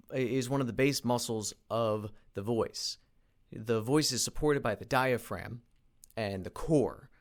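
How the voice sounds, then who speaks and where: A man talking through a reflective solo monologue, halting with frequent restarts and repeated words, earnest in tone. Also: medium pitch. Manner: earnest, self-motivating. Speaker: independent voice actor and producer.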